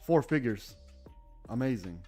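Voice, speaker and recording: A man hosting a live trading stream, talking casually and excitedly, often restarting his sentences. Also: mid-range voice, unhurried, soft background music. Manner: enthusiastic, rambling, self-correcting. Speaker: day-trading livestream host.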